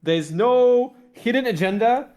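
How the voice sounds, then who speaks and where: A man's voice: very high-pitched, animated, a little slow, a little mellow. A man with a Russian accent co-hosting a casual tech podcast, talking energetically with lots of repeated words and restarts. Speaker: podcast co-host.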